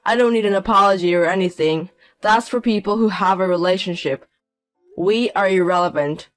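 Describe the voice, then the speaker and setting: A man's voice: sits high, normal speed, clear, resonant tone, no echo, faint music behind, lightly acted. A young man voicing a resentful grown son who talks in a cold, curt way, in a narrated audio drama. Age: young adult.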